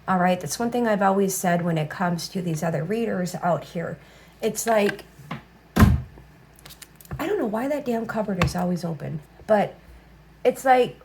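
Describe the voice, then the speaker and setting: A woman's voice: medium pitch, a little mellow. A woman giving a casual tarot reading, blunt and profane, with a habit of saying "all right" again and again. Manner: blunt, swears freely, repeats "all right". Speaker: tarot reader.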